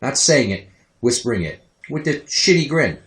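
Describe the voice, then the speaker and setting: Thirties man hosting a podcast: crude, animated anecdotes, mid-pitched, echoey basement sound. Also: moderate pace. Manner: profane, animated storytelling. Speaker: podcast host. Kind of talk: casual chat. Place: home basement. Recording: roomy echo.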